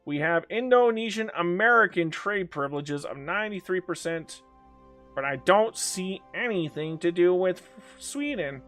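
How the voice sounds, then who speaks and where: A man's voice: high-pitched, lively intonation, moderate pace, a bit bright, faint music behind. A man giving casual live-stream commentary on a strategy game, chatty and swearing, talking back to the game and to chat.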